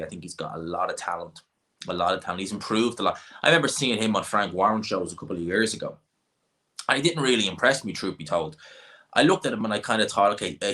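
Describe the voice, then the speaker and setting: A man's voice: low-pitched, pushed and bright. A young Irishman, rambling casually while he answers chat questions on a boxing stream and repeats himself. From Ireland. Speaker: boxing channel host.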